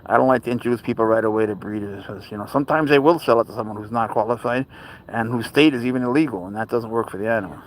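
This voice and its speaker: A man's voice: mid-range voice, rapid-fire, a little hiss or hum, rough recording. Chatty man rambling on a live stream. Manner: rambling, chatty, baby talk to his cat. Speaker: live stream host with pet cat. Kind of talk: casual live stream chat reading comments.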